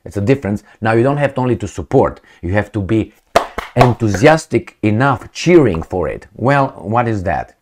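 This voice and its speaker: Blunt middle-aged man, somewhat low voice, rambling vlog commentary full of fillers. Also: expressive, normal speed, background noise. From Romania. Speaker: vlogger. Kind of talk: opinion commentary.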